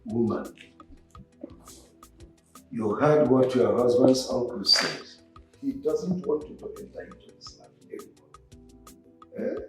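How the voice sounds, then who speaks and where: A man's voice: medium pitch, faint music behind, natural voice. An actor playing a stern elder who warns a woman. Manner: slow, authoritative. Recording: very echoey, distant.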